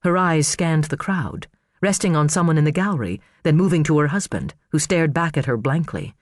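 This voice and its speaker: Expressive male audiobook narrator. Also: on the high side, moderate pace, no room sound. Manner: expressive, dramatic storytelling. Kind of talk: scripted narration.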